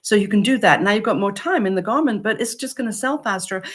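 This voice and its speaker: A woman's voice: mid-range voice, fast talker. A woman vlogger who makes upcycled clothing, giving casual, encouraging advice to camera and acting out customers. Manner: encouraging, lively, acts out customer quotes.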